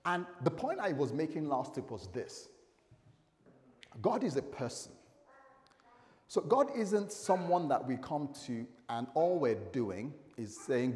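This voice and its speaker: A man, the pastor, giving a conversational sermon at a church service, animated and chatty with light humor. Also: fairly high pitch, measured pace, in a large hall.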